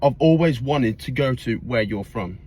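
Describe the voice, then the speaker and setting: A man quoting an eager fellow who gushes about a country he adores, in a slightly lower and slower version of his own voice. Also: expressive, a little mellow, natural voice. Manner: gushing, earnest.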